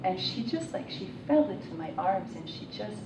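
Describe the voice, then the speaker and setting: Animated woman telling a story, echoey room. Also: medium pitch, moderate pace. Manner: animated, self-mocking, breaks into laughter. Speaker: workshop participant. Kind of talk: personal storytelling. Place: conference workshop room. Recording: roomy, distant, noisy room mic.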